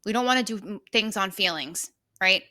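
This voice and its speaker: A woman co-hosting a casual podcast with a bright, forward voice. She speaks emphatically and motivationally, hammering points home by repeating short phrases. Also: mid-range voice, normal speed. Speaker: podcast co-host.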